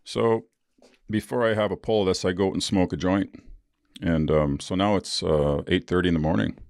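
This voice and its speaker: A man's voice: sits low, steady tone, moderate pace, gravelly, a little mellow, dry recording, studio quality. A man, a podcast host telling a personal story in a blunt, profane way with rueful laughs.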